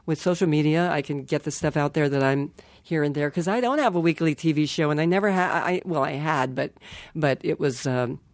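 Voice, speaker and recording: A woman's voice: low-pitched, fairly quick, no room sound. An older woman chatting as a guest in an interview, playful and self-mocking, laughing often. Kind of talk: casual interview chat.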